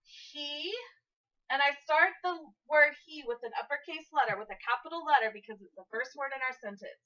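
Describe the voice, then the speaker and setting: A woman teacher giving an early-grade classroom lesson to camera, sing-song and encouraging, speaking slowly for young children. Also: high voice, bright, forceful tone, lo-fi sound.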